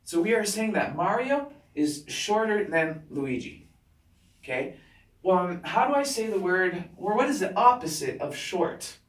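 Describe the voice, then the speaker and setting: A male teacher giving a classroom grammar lesson, talking slowly and deliberately and checking in with students after nearly every point. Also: high-pitched, sing-song. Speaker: English teacher. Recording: roomy classroom sound from a distant mic.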